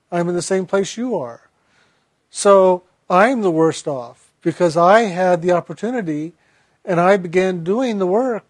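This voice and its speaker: A man's voice: high-pitched, no room sound, close to an everyday voice. A man voicing a remorseful male soul who earnestly blames himself for refusing to meditate. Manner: earnest, self-blaming.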